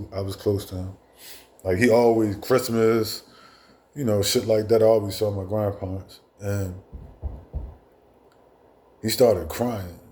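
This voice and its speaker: A man in his fifties, a show host, telling a personal story in a casual, profane way with halting restarts. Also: on the low side, darkish tone.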